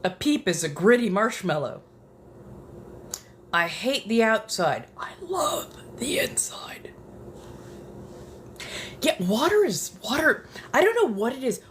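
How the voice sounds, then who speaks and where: In her apartment, a woman ASMR streamer chats casually in a slightly high voice with big pitch swings, talking a little slowly. A little hiss or hum sits under the audio. She's profane, dramatic, and prone to drifting into whispers.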